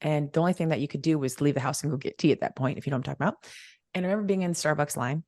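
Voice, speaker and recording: A woman's voice: low-pitched, racing, a little mellow, dry recording, clean studio sound. A middle-aged woman, a wealth mentor, telling a personal story as a podcast guest, emphatic and repetitive as she acts out the dialogue.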